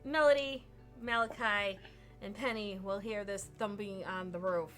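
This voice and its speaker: A woman's voice: medium pitch, steady tone, measured pace, fairly bright tone, faint music behind. A woman running a tabletop role-playing game, joking, swearing and breaking into laughter. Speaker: game master. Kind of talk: casual tabletop game narration.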